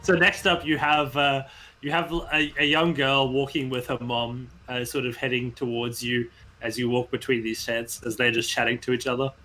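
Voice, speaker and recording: A man narrating as game master in a tabletop game, lively and quick to laugh. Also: mid-range voice, faint music behind.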